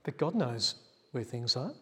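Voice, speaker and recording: A man's voice: medium pitch, very animated, a little slow, sharp tone, slightly rough. A male pastor, telling a story in a sermon and acting out the quotes in a chatty way. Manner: chatty, acts out quotes, laughs at himself. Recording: long church reverb.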